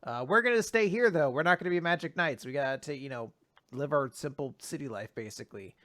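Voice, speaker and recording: A man chatting through a weekly manga recap, animated, dipping into quick voices for the characters. His voice sits a little high. The sound is dry and close. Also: no echo. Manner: animated, slips into character voices when retelling. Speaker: podcast host. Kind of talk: casual manga recap chat.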